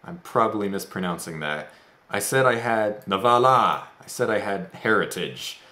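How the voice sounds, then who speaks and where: Low-voiced rambling gaming commentator man. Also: animated, moderate pace, bright, forceful tone, reverberant. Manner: rambling, self-deprecating, goofy asides. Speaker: let's-play host. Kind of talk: casual gameplay commentary.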